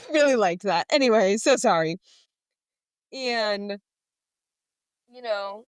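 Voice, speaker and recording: Animated woman chatting about a book. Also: mid-range voice, slow, pauses often, no echo, low-quality recording. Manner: animated, retells scenes with quoted lines and laughs. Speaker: podcast co-host. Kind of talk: casual book discussion.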